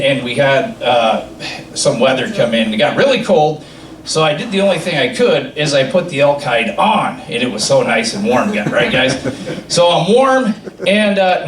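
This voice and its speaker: A man's voice: a little high, fairly bright tone, distant mic, slight background noise. A man doing a stand-up comedy set, telling rambling stories and laughing at his own jokes. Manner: rambling, self-amused storytelling. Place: comedy club stage. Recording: roomy club sound from off mic.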